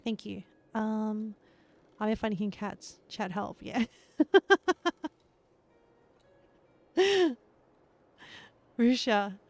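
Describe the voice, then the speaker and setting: A woman streaming live, chatting casually with her viewers and laughing often as she plays. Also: fairly high pitch.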